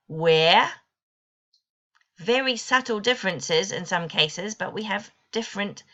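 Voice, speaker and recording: A woman giving an online presentation to teachers, explaining clearly with a lightly wry touch. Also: lowish voice, sharp tone, dull audio. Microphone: computer mic on video call.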